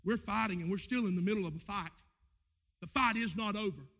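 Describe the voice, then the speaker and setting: Male pastor, high voice, impassioned church sermon with big swings in volume. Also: brisk. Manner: impassioned preaching, swinging between shouts and low asides. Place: church with a screen.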